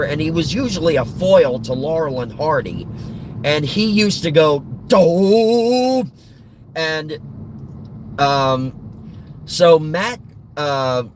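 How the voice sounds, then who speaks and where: A man chatting to his listeners while driving, telling a story casually with a few fillers, recorded in a car. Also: fairly high pitch. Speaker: radio-style host. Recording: car road noise.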